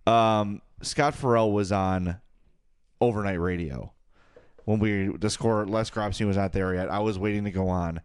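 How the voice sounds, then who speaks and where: A man, co-hosting a casual sports podcast and getting loud and indignant as he argues. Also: moderate pace, clear, resonant tone, no echo, studio quality. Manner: animated, ranting, jumps up in pitch when indignant. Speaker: podcast co-host.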